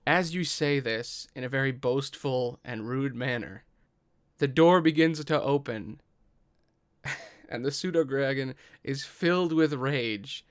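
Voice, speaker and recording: A man acting as game master, narrating a tabletop game in a slow, measured way. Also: mid-range voice.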